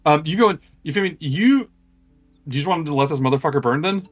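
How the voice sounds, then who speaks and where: A man narrating a tabletop game as game master, talking in a halting way full of ums and restarts. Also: fairly high pitch, faint music behind.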